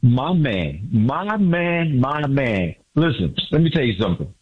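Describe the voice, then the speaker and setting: A man calling in from Miami to a sports radio show, boasting with excitement and repeating his points. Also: medium pitch, a little slow, slightly rough. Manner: exuberant, repetitive, boastful. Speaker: caller. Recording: muffled phone line.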